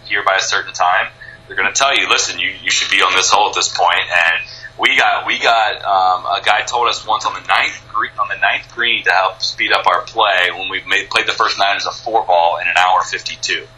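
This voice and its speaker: Bright-voiced enthusiastic man on radio. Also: on the low side, steady tone, moderate pace, low-quality recording. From United States. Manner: rambling, enthusiastic, many restarts. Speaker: guest. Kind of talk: casual interview chat.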